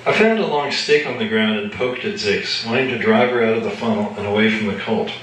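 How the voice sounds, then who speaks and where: Brief: author reading his novel live, plain mid-pitched man's voice, echoey room heard from afar, faint noise. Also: fairly quick, a bit bright, distant mic. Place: live reading at an evening gathering.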